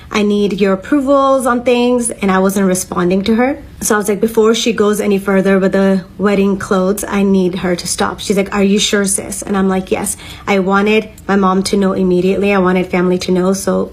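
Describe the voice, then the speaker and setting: A woman's voice: medium pitch, a little mellow, rough recording. Young woman telling a heated storytime. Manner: candid, heated and emotional retelling. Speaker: vlogger. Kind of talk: storytime while getting ready.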